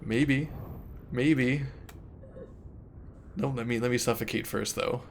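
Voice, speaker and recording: A man's voice: mid-range voice, steady tone, slow pace, gravelly, a little hiss or hum. A man playing a video game, casually thinking aloud and reading in-game text to a friend. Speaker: game streamer. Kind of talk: casual gameplay chat.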